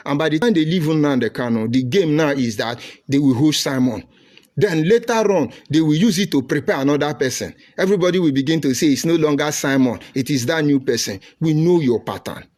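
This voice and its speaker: A man's voice: on the high side, expressive, a little fast, darkish tone. A middle-aged man with a Nigerian accent giving combative live-stream commentary, reading and answering viewer comments with rhetorical questions and insults.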